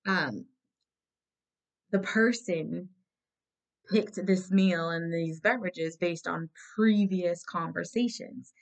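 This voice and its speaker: A woman's voice: lowish voice, a bit bright. A woman giving a casual tarot reading to her viewers, blunt and emphatic, swearing freely and repeating her points. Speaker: tarot reader.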